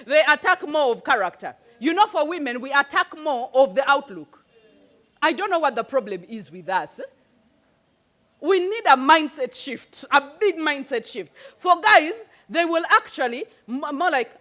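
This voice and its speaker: A woman giving a motivational talk, lively and conversational as she speaks straight to her audience. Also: high voice, moderate pace. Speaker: life coach and channel host.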